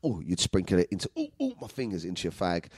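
A man's voice: low-pitched, huge pitch swings, fast, darkish tone, husky, no echo. A man with a London accent telling rambling, profane stories to his viewers in a casual way. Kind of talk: casual storytelling monologue.

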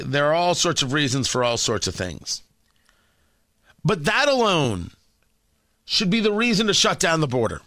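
A man hosting an opinionated talk radio commentary, emphatic and animated, with hesitant fillers. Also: high voice, no room sound.

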